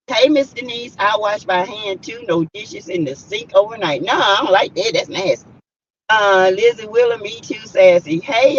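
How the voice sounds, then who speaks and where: Middle-aged Southern woman, casual live-stream chat, husky, lively pitch, dull lo-fi sound. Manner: emphatic, animated storytelling with loud bursts. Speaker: vlogger reading live chat.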